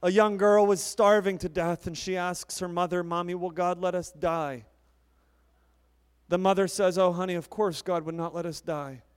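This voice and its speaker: A male pastor in his thirties preaching a sermon with dramatic swings between loud declarations and hushed storytelling. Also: high-pitched, fairly even intonation, moderate pace, clear, resonant tone, big-room sound.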